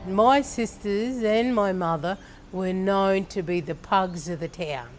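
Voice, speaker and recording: A woman's voice: mid-range voice, soft background music. A middle-aged Australian woman from a church leadership team, sharing a personal faith testimony in an earnest, storytelling way. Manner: slow, earnest storytelling with pauses and laughs.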